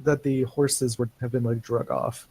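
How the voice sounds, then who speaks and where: A man running a tabletop role-playing game as game master, in a casual, deadpan way. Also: medium pitch, normal speed, breathy edge, no room sound.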